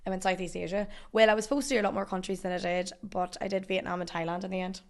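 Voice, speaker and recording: A woman's voice: medium pitch, fairly even intonation, racing. A young Irish woman chatting as a podcast guest, rambling and full of fillers. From Ireland. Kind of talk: casual chat.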